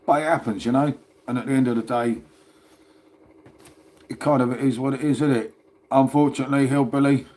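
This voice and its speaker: A man's voice: medium pitch, darkish tone. Rambling man chatting on a phone stream. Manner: chatty and rambling, calls viewers "mate". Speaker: livestream host. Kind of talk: casual livestream chat.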